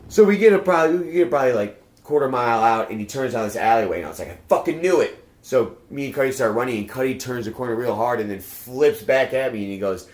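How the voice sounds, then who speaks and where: Fast-talking man telling a story in a roomy echo. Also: medium pitch. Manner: rambling, swears a lot, acts out quoted lines. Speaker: podcast guest. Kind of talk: casual storytelling chat.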